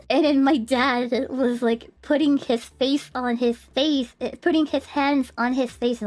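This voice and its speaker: A woman streaming in casual chat, speaking halting English as a second language, laughing often as she tells stories and using many fillers. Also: high-pitched, fairly even intonation, a little mellow, faint music behind. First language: not English. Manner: giggly, laughs often while telling stories.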